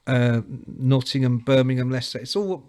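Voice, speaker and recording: A man co-hosting a podcast, telling stories animatedly with big swings in pitch and loudness. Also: a little fast. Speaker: podcast co-host. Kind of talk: casual storytelling chat.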